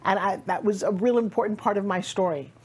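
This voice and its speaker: A middle-aged woman from Long Island with a New York accent gives an energetic motivational talk. Her delivery is emphatic and conversational, as if talking straight to the listener. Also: medium pitch, fairly quick, breathy edge. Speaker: motivational speaker.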